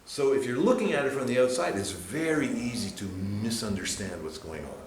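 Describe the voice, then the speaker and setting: A man teaching a piano workshop, explaining hand movements while demonstrating at the piano and breaking into sudden high exclamations. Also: lively intonation, normal speed, slight background noise. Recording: echoey room with loud piano. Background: piano playing.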